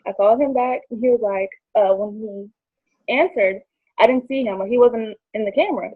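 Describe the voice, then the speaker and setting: A woman in her twenties telling a personal story, acting out quoted dialogue in lively voices. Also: a little high, a little fast, breathy edge, dry recording. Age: 20s. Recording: dry tinny phone-like line.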